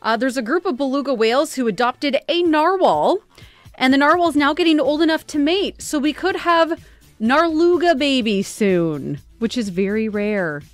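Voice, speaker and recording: A woman's voice: high voice, lively intonation, moderate pace, dry recording, faint music behind. Chatty female radio co-host. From Canada. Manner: chatty, reads news items conversationally. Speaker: radio morning show co-host. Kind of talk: casual radio banter. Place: radio studio.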